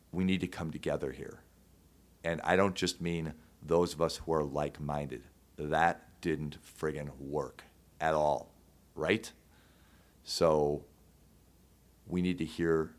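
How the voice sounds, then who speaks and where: A man hosting his own show, speaking to listeners in an earnest, emotional monologue with pauses and restarts. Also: extremely low pitch. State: choked up at times. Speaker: podcast host. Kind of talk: heartfelt monologue.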